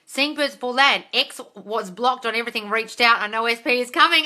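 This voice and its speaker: A woman's voice: fairly high pitch, brisk, hardly any pauses, bright, forceful tone. A woman hosting a casual live-stream Q&A. She reads out viewer comments, swears freely and calls listeners darling. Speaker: host of a manifesting Q&A live stream.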